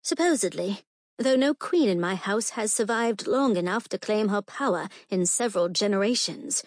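Brief: female first-person audiobook narrator, earnest and emotional, mid-pitched, dry close mic. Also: animated, normal speed, no room sound.

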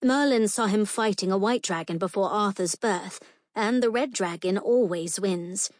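A woman's voice: mid-range voice, normal speed, darkish tone, no echo. A woman narrating a fantasy audiobook in the first person, with an earnest, emotional storytelling manner, recorded close and dry.

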